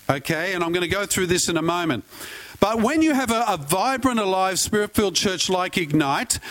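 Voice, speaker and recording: High-voiced Australian pastor preaching. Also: male voice, fairly bright tone, poor audio. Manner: conversational, asks congregation questions, folksy asides. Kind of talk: sermon.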